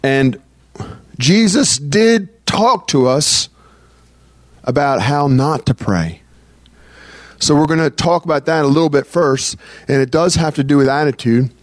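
A man preaching a sermon in a loose, conversational way, often repeating phrases and restarting sentences, and reading scripture slowly. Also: fairly high pitch, animated, no room sound.

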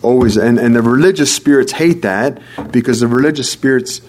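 A man's voice: mid-range voice, a little fast, darkish tone, slight background noise. A man preaching a sermon, emphatic and repetitive, often restarting his words. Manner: emphatic, repeats key phrases, stammering restarts.

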